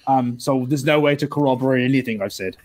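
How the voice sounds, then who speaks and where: A man playing a tabletop game who tells his story in a rambling, animated way. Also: medium pitch, quick pace, slight background noise. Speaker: player.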